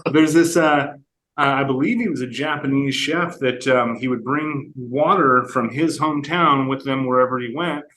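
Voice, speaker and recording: Bright-voiced halting American man. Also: medium pitch, a little hiss or hum, low-quality recording. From United States. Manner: halting, repeats words often as he gathers thoughts. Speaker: guest. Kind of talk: casual conversation.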